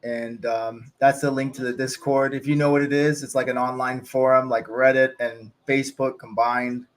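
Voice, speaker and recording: A man's voice: mid-range voice, flat delivery, moderate pace. Chatty man hosting a cricket watch-along. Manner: chatty, rambling, with fillers. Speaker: cricket channel host. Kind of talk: casual watch-along chat.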